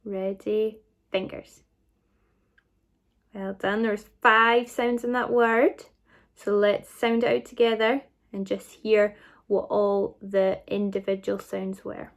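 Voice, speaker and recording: A woman with a Scottish accent teaching a recorded phonics lesson to children, sounding out words slowly and praising often. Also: medium pitch, steady tone, muffled recording. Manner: slow, clear, encouraging sounding-out. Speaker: primary school teacher.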